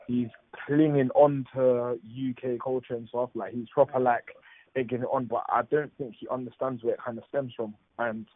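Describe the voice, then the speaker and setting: A man talking over a tinny phone line, thinking out loud and hedging his views. His pitch sits in the middle range, and his tone stays casual and easygoing. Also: steady tone, normal speed. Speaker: panel guest.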